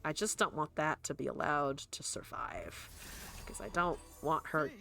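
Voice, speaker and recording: A woman's voice: low voice, expressive, unhurried, gravelly, pushed and bright, soft background music. A woman streamer chatting casually and joking at her own expense while she plays a card game, swearing now and then. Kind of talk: casual gameplay commentary.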